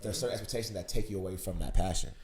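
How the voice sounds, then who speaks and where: Young male podcast co-host, low voice, quick and lively delivery, roomy echo. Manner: animated, acts out his own past thoughts in quoted voices. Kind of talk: casual sports chat.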